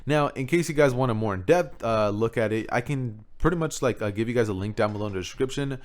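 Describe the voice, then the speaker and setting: A man's voice: mid-range voice, quick pace. Guy youtuber talking thru his editing stuff, casual and rambly, lots of "pretty much", jokey asides, studio mic. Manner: laid-back, rambling with fillers and self-mocking asides. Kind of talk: casual video tutorial. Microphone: XLR studio microphone.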